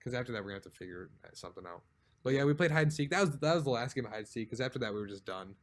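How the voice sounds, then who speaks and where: A man's voice: mid-range voice, lively intonation, very fast. A man co-hosting a casual podcast, telling a long, rambling story with frequent laughs and lots of "like". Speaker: podcast co-host. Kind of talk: casual chat.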